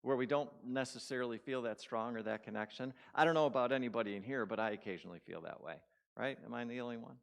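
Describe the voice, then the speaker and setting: A man's voice: medium pitch, fast talker, gravelly. A man giving a sermon in a church, telling a story conversationally and putting questions to the congregation. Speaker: guest speaker at a spiritual community.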